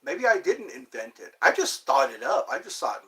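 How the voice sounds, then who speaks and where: On his own vlog, a man wanders from one topic to the next, laughs at himself, and slips into bits of song. His voice is on the high side, bright and forceful, with a sing-song lilt, and he moves at a moderate pace with hardly any pauses.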